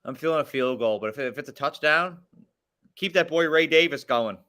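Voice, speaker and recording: A man hosting a casual sports watch-along, excitable and joking, with lots of filler words and stammered starts. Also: a little high, normal speed. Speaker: host.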